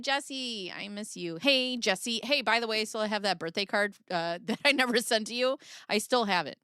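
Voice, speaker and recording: A woman's voice: on the high side, normal speed, few pauses, bright, forceful tone, clear, resonant tone, no room sound, clean studio sound. A woman chatting casually on a livestream, reading viewer comments and joking sarcastically, with frequent laughter.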